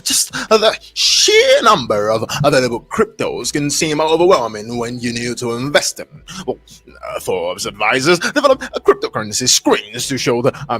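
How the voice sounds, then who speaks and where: Animated man hosting a livestream. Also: medium pitch. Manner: reads haltingly with many fillers and restarts, breaking off to react and greet chat. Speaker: livestream host. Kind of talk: casual livestream, reading an article aloud.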